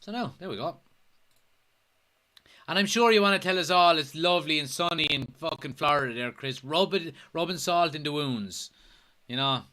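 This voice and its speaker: A man's voice: a little high, normal speed, pushed and bright. An Irish man hosting a casual football watchalong livestream, joking, swearing and reading viewer comments aloud. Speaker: host.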